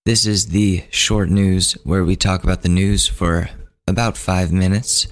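Very deep-voiced man losing his voice. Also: fairly even intonation, a little slow. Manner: rambling, self-interrupting, casual. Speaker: podcast host. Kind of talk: solo podcast monologue.

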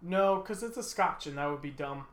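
A man's voice: on the high side, moderate pace, a bit bright, slight background noise. A man chatting casually at a tasting, rambling and hedging as he trails off. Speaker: tasting co-host. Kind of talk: casual chat.

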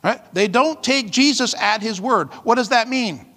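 A man's voice: extremely high pitch, moderate pace, bright, forceful tone. A man pastor preaching a sermon with emphatic, fiery delivery and call-outs to the congregation. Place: church hall. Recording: long reverb of a large hall.

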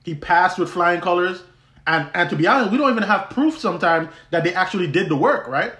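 A man's voice: sits high, lively intonation, a little fast, bright, forceful tone. A young man hosting a podcast, telling a personal story in a conversational way with many restarts and easy laughs. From U.S. Virgin Islands. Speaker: podcast host. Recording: roomy echo.

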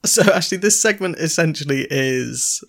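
A man's voice: a little high, lively intonation, normal speed, creaky, fairly bright tone. Playful young man setting up a bit. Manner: playful, sets up bits. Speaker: podcast co-host. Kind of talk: casual chat.

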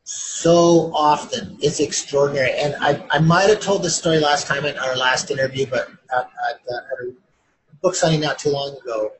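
A male author speaking in an interview, storytelling with animated delivery. He rises and falls in pitch and doubles back on phrases as he talks. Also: normal speed, rough recording. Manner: expressive storyteller, acts out quoted voices, repeats words.

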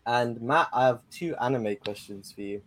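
A man calling in to a football podcast, chatty and joking in an excitable way. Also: mid-range voice, normal speed. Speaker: caller. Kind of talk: casual football chat.

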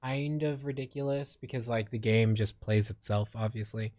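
A man's voice: medium pitch, steady tone, moderate pace, a little mellow, no echo. Young adult male from the Philippines, casual streamer chat, rambling and filler-heavy, dead-dry mic. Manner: rambling, many fillers and restarts. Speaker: streamer and podcast co-host.

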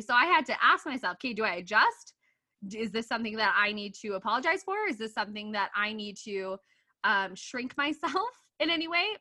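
Give me a young woman with a bright, forward voice, chatting as a podcast guest, animated and laughing as she acts out her own quotes. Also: medium pitch. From Canada. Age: 20s. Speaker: podcast guest, coach and author. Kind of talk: casual podcast interview.

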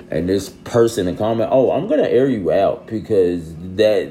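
A young man talking casually to his followers in a loose, slangy way that sometimes climbs into loud, exasperated ranting. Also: sits low, sing-song, normal speed, a little hiss or hum. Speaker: social media creator. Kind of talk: casual vlog monologue.

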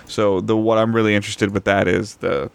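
Male podcast co-host, deep gravelly voice, hesitant and filler-heavy casual chat. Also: little pitch movement, dry recording. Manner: halting, many fillers and restarts.

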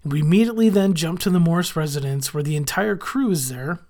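A man's voice: fairly high pitch, fast talker, a little mellow. Chatty male podcast host recapping. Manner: chatty, wry asides with frequent "uh"s. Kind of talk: casual podcast episode recap.

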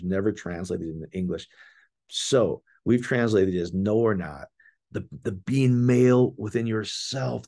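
A man with a husky, slightly low voice leads a casual scripture word study. He explains each term with eager enthusiasm and keeps turning to his listeners directly. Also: mellow. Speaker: bible teacher.

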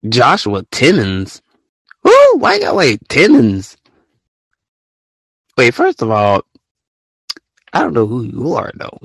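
A man hosting a live audio show, ranting in casual slang and often jumping into high, mocking quotes. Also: huge pitch swings, slow, creaky, pauses often, a bit bright, husky, no echo, clean studio sound. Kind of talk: casual rant to listeners.

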